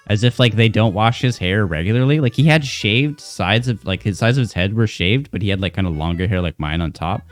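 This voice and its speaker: A young man streamer rambling through a funny story, animated and cursing freely, full of restarts. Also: fairly low pitch, normal speed, hardly any pauses, faint music behind. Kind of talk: casual storytelling.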